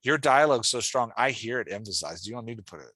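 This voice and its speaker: A man's voice: mid-range voice, lively intonation, fast talker, sharp tone, dry recording. A man in the host's chair talks through a writer's piece in a loose, encouraging way and keeps reaching for "like" as he thinks. His voice sits in a middle register. The sound is close and dry, with no room around it. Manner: loose and encouraging, full of "like" fillers. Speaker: podcast host and writing coach. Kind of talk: casual feedback chat.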